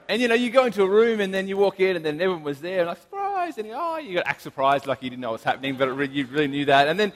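A young man, preaching a casual sermon, telling stories in a chatty, animated way with lots of fillers and restarts. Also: on the high side. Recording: long hall reverb.

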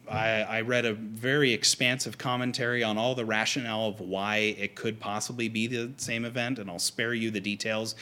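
A man preaching a conversational sermon to a congregation, animated and acting out quoted lines. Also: mid-range voice. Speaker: pastor.

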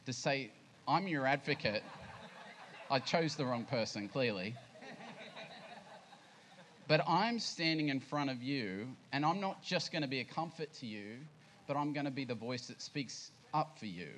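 A man preaching in a relaxed, conversational way, with a voice of middling pitch. He keeps asking his congregation questions as he teaches. A faint hiss of noise sits under the church recording. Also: normal speed, poor audio. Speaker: pastor. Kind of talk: sermon. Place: church service.

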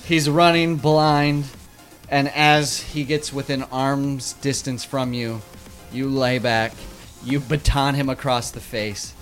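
A man's voice: medium pitch, steady tone, slow pace, fairly bright tone, faint music behind. Playful male game master narrating. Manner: vivid, playful, laughing between beats.

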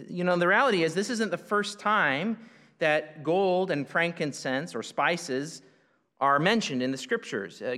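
Guy with a high voice preaching, chatty and explaining stuff, long echo like a church hall. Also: pushed and bright. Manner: explanatory, conversational, asks the listeners questions. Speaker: pastor. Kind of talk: sermon.

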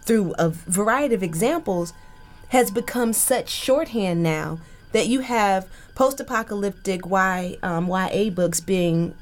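A woman writer on a radio panel, explaining her views in an articulate, analytical way. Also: mid-range voice. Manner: articulate, analytical, quick to laugh. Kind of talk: casual panel chat.

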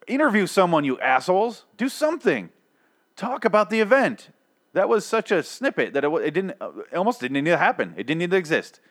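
A man hosting a casual comedic rant, sarcastic and exasperated, swearing often. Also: on the low side.

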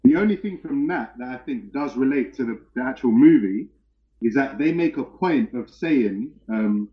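Quick, chatty male co-host, recorded with a dull lo-fi sound. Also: mid-range voice, animated. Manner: quick, chatty, swears casually. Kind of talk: casual chat.

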